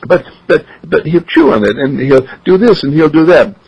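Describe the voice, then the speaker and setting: A man voicing a proud young father insisting on his gift, in a gravelly, husky voice. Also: fairly high pitch, animated, normal speed, voice pushed up, exaggerated voice. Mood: insistent. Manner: eager, insistent. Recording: dull lo-fi recording.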